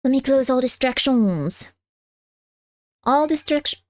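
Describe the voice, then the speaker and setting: A woman streamer chatting casually at home, talking fast with lots of "like" and letting out sudden loud yelps at her cat. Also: high voice, animated, no echo, clean studio sound. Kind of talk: casual live-stream chat. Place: home room with cats.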